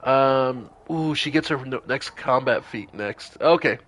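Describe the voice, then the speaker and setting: A man's voice: mid-range voice, unhurried, fairly bright tone. A man streaming a role-playing game, thinking aloud with casual commentary and some swearing.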